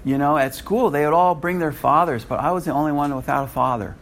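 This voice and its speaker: A man preaching a sermon in an animated way, with frequent chuckling asides. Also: a little high, fast, a little hiss or hum.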